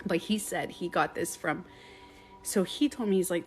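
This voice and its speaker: A woman who coaches meditation, telling a personal story on a live stream in an animated way, swearing casually and laughing often. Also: on the low side, moderate pace, faint music behind.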